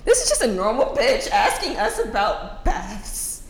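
A woman co-hosting a podcast in casual chat, talking in an animated way, laughing often and swearing freely. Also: fairly high pitch, a little slow, creaky. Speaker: podcast co-host. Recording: echoey room with faint background noise.

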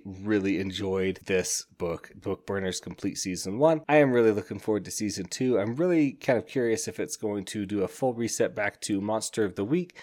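A man's voice: on the low side, a little mellow. A man hosting a solo podcast, talking casually and enthusiastically in a rambling way, often acting out characters. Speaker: podcast host, book reviewer.

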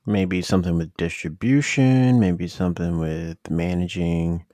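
A man co-hosting a comedy show, tossing in quick playful punchlines. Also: deep voice, steady tone, mellow, no echo, studio quality. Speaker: comedy co-host. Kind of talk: improvised comedy banter.

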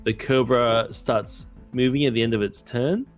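A man's voice: mid-range voice, fairly even intonation, normal speed. Casual man at the game table. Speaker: player. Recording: faint music behind.

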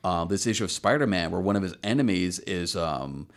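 Low-voiced man rambling casually. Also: animated, brisk. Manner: rambling, many fillers, profane. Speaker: podcast co-host. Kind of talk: casual chat.

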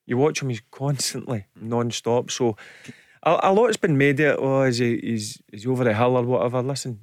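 A Scottish former footballer gives his view in a plain, emphatic way, often repeating words to press a point. His voice is mid-pitched. The studio sound is dry and close. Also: no echo. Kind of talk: radio football punditry. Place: radio studio.

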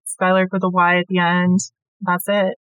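A woman's voice: on the low side, monotone, normal speed, smooth, no echo, narrow, tinny audio. A woman guest on a podcast, chatting casually in a hesitant, apologetic way.

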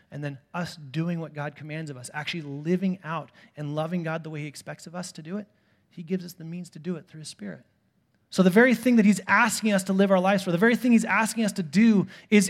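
A man in his thirties, a pastor preaching a sermon in a church, telling stories with swings from quiet asides to loud bursts. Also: a little high. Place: church sanctuary.

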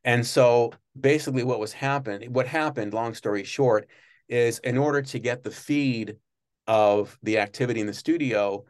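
A man's voice: mid-range voice, moderate pace. A man, a former studio page, telling stories as an interview guest with many restarts and fillers. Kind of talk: casual interview storytelling.

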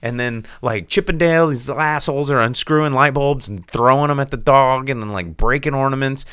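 A man co-hosting a casual live-streamed show, reading viewer chat and breaking into silly high cartoon voices. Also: fairly quick, fairly bright tone, clean tone, no room sound, clean studio sound. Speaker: podcast co-host reading Twitch chat.

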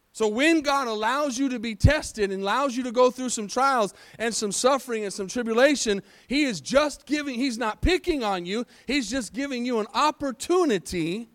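A high-voiced male pastor delivers a lively sermon in church, firing rhetorical questions at the congregation and pausing for their replies. His animated, conversational style swings between loud pushes and quiet asides, and the sound is dry and close with no echo.

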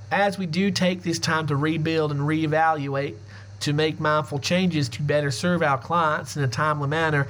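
A gushing small-town pet groomer with a put-on Mississippi drawl, slow and earnest, read by a man who puts her on with a fairly high voice. The lines come out syrupy and apologetic. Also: a bit bright, a little hiss or hum, close to an everyday voice.

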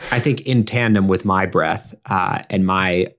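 A man's voice: sits low, a little slow, fairly bright tone. A man playing a tabletop role-playing game, narrating his character's actions in a casual, rambling way. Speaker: player.

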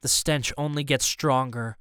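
Brief: male audiobook narrator, first person, tense and steady, smooth tone. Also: mid-range voice, measured pace, no echo, studio quality.

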